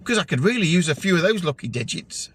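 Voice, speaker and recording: A man's voice: a little high, sing-song, fast, a bit bright. A man voicing a suspicious, theatrical male pub regular who speaks knowingly. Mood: scheming.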